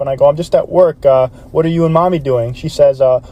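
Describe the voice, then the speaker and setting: A man telling comic stories in the first person, quick and animated, acting out the quoted lines. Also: a little high. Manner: quick, animated joke delivery with voiced quotes. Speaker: storyteller. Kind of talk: comedic anecdote storytelling.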